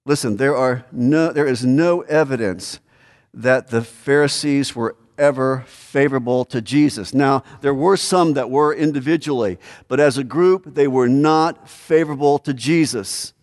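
A man's voice: mid-range voice, unhurried, a little mellow. A man preaching a conversational expository sermon, asking questions and pressing his points with emphasis. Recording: hall reverb.

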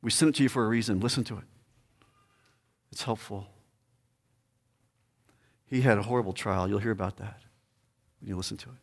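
A man preaching as a pastor, building to emphatic peaks and then slowing into a measured prayer. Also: on the low side. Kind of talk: sermon and closing prayer. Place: church sanctuary. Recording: long church reverb.

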